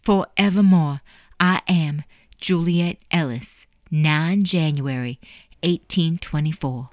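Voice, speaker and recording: A woman voicing a newly freed young woman from the 1820s, reading her farewell letter in a formal, measured way. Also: sits low, no echo, studio quality. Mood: tender, formal.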